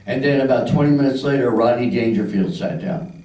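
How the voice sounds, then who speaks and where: In an echoey club, an older comedian from Philadelphia performs crude stories, slipping into voices for each character. His tone is dark and medium-pitched at a moderate pace, heard through a distant mic on a rough recording.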